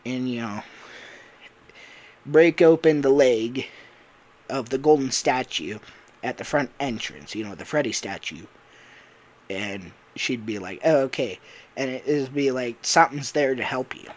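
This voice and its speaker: A man's voice: medium pitch, unhurried, pauses often, darkish tone. Rambling young man telling a fan story. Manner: rambling, laughs at himself, many fillers. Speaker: voice actor and YouTuber. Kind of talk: casual storytelling about a fan game idea.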